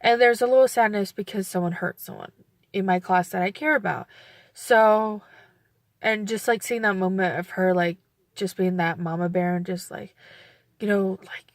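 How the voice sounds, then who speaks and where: A woman's voice: medium pitch, steady tone, moderate pace, dry recording. A young woman talking in a personal vlog, rambling with many fillers and close to tears. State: teary, near crying. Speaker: vlogger.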